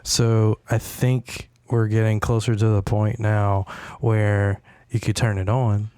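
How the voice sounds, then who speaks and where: Reflective podcast host, dry sound. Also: male voice, fairly low pitch, level tone, takes it slowly, dark tone, smooth, dry recording. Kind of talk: casual podcast chat.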